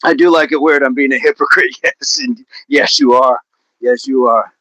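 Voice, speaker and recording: A man's voice: medium pitch, moderate pace, sharp tone, no room sound, rough recording. Joking man leading a live workout. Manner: joking, laughs often, banters with viewers. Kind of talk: casual livestream chat. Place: outdoors.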